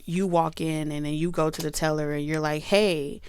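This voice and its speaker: Chatty woman reading tarot, smooth voice. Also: low voice, little pitch movement, brisk, a little mellow. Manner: chatty and emphatic, with swearing and asides to viewers. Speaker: tarot reader.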